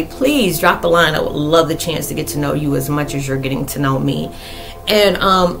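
A woman's voice: low voice, a bit bright. A young woman, chatting casually and playfully in a rambling spiritual vlog. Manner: rambling, playful, laughs often. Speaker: spiritual vlogger.

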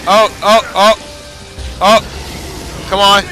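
A young man narrating his game in casual commentary, frustrated and swearing, repeating his cheers. His voice is high and very bright, almost sharp. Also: little pitch movement, slow, soft background music. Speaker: gamer.

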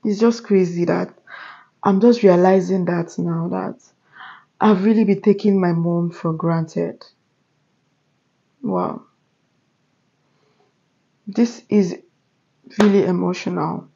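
A woman talks through a reaction video in an emotional, quick-paced way. Her voice is husky and dark. The recording sounds dull and lo-fi. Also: fairly low pitch, fairly even intonation. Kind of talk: casual reaction commentary.

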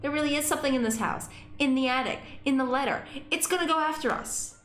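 A woman gaming YouTuber reading a visual novel aloud and reacting, excitable and swearing freely. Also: fast, reverberant, a little hiss or hum. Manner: excitable, swears freely, squeaks when frustrated.

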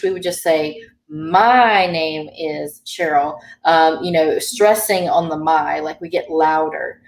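Low-voiced woman teaching from afar. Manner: patient, explanatory, frequent ums. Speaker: Irish language teacher. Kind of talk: explaining grammar in an online class. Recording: roomy sound from a distant mic.

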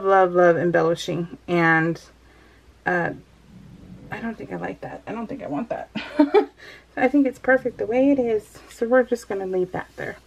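A woman's voice: on the high side, a little mellow. A young woman from California talks casually through a crafting vlog. She rambles, giggles often, and lets her phrases drift into a sing-song lilt. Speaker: vlogger. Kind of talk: casual chat while crafting.

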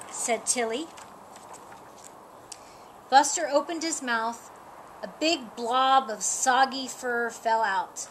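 A woman reads a children's picture book aloud in a high voice. She takes her time, with a slow, gentle, expressive storytelling style. Faint background noise sits under the reading. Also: poor audio.

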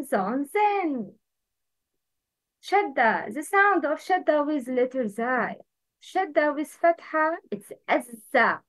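Slow, careful woman teacher. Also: sits high, fairly bright tone, no room sound, rough recording. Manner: slow, careful drilling with repeated prompts. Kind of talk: Arabic letter pronunciation lesson.

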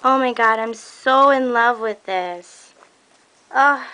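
A young woman excitedly unboxing craft gifts for her viewers, gushing, gasping and laughing as she talks. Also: on the high side, takes it slowly, clear, resonant tone. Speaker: crafting vlogger opening a swap package. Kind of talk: casual unboxing chat.

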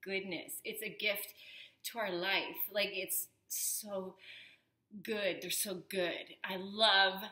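A woman vlogging in casual chat to camera, gushing and effusive, sometimes dropping to a soft whisper. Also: mid-range voice, fairly even intonation, slow, echoey room. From Canada.

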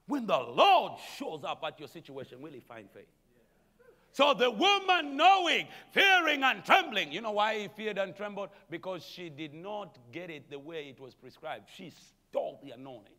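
A man preaching a sermon as pastor, animated, calling out to the congregation and chuckling between points. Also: sits high, normal speed, in a large hall. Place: church sanctuary.

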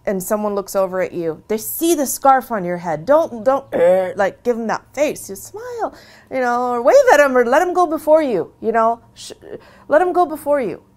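Earnest, animated woman in an interview. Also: a little fast. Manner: earnest and animated, with lively swings in pitch; conversational, often restarting phrases. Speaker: interviewee, religious convert. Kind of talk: long-form interview, casual personal talk.

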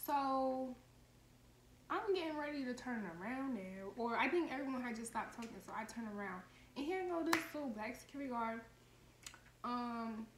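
A woman's voice: a little high, normal speed, a little hiss or hum. Blunt, swearing young woman, echoey room. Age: young adult. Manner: animated, blunt and heavily profane. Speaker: vlogger and lash tech. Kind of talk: storytime monologue.

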